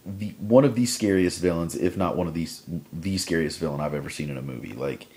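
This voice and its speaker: Deep-voiced rambling young man vlogger. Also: brisk, darkish tone. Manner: rambling, filler-heavy with constant 'like'. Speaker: vlogger reviewing a film. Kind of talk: casual chat. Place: home at night before bed.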